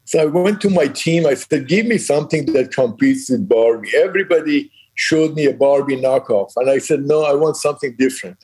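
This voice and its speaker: A man's voice: a little high, brisk, hardly any pauses, darkish tone, poor audio. An older man, a company founder, telling business stories in an interview, acting out quoted dialogue with frequent laughs. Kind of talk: storytelling in a conversational interview.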